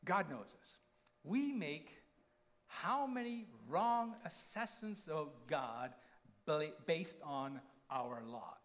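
A man's voice: fairly high pitch, lively intonation, takes it slowly, a bit bright. A man preaching a conversational sermon, often checking in with the congregation by name. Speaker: pastor.

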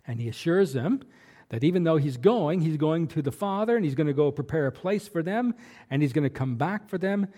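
A man's voice: fairly high pitch, lively intonation, fairly quick, mellow. A man preaching a sermon as a pastor, in a conversational way with many fillers and restarts.

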